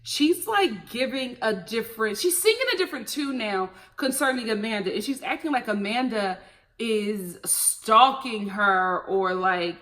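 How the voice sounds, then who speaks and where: A woman recapping a reality show in a casual, gossipy, animated way, laughing often and using slang. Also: fairly high pitch, a little slow.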